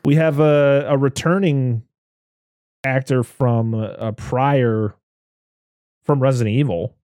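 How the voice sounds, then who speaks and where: A man's voice: medium pitch, steady tone, takes it slowly, dark tone, no echo, studio quality. Laid-back man rambling about films. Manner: rambling, laughs often. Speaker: podcast host. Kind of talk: casual film review chat.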